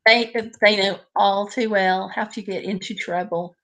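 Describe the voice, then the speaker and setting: A woman's voice: mid-range voice, steady tone, unhurried, fairly bright tone. A woman hosting a live stream, chatting casually and directly with her viewers.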